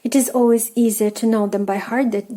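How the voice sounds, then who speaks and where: A woman with a Russian accent gives an online language lesson in a mellow, relaxed voice. She explains off the cuff with plenty of fillers and repeats each word slowly for practice. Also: fairly high pitch. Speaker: language teacher.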